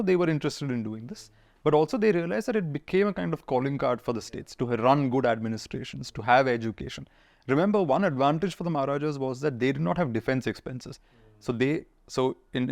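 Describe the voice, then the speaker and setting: A man's voice: medium pitch, creaky. A man, telling history stories in an interview and acting out the people he quotes. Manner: fast, animated storyteller acting out quoted figures. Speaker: historian guest. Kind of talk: conversational storytelling interview.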